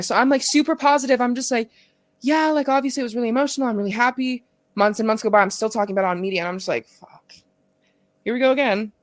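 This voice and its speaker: A woman in her twenties, a pro soccer player, guests on a podcast and tells a personal story openly and emotionally. She swears and leans heavily on "like," speaking in a mid-range voice in a dry recording.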